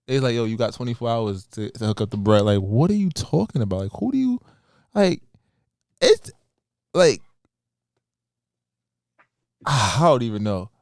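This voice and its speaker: A man's voice: on the low side, lively intonation, moderate pace, long pauses, darkish tone, no echo, studio quality. A man co-hosting a podcast, laid-back and joking in slangy casual banter. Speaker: podcast co-host.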